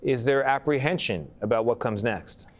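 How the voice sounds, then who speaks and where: A man anchoring live news coverage, introducing guests and asking questions in a measured, polite way. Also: medium pitch.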